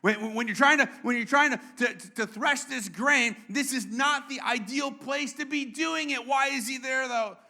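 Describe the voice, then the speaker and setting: A man's voice: very high-pitched, moderate pace, vocal fry, few pauses, sharp tone. A male pastor preaching a sermon in a conversational way, with joking asides and frequent restarts.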